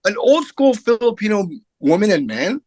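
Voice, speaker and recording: A middle-aged man, a comedian guest, telling a personal story in a candid, animated way and acting out the voices of the people in it. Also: sits high, normal speed, dry recording. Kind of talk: casual interview storytelling.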